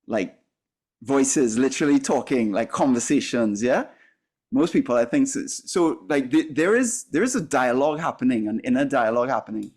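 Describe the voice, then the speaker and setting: Teaching a masterclass, a man coaches his class earnestly and emphatically, with frequent fillers and restarts. His voice is medium-pitched and darkish, at a moderate pace.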